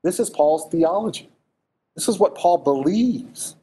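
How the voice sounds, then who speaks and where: Man preaching with a mellow voice. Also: high voice, a little slow. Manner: animated, conversational preaching with rhetorical questions. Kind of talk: sermon.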